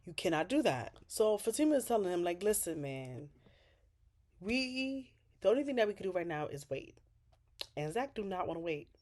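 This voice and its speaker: A woman's voice: very animated, normal speed. A woman recapping a TV episode in casual talk, swearing freely and scolding the characters as "girl". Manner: jumps high and loud for outraged asides. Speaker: TV recap vlogger.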